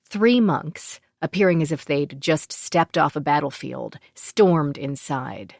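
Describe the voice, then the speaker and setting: A woman narrating a fantasy audiobook in an even, measured storytelling manner. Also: sits low, gravelly, no room sound, studio quality. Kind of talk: scripted narration.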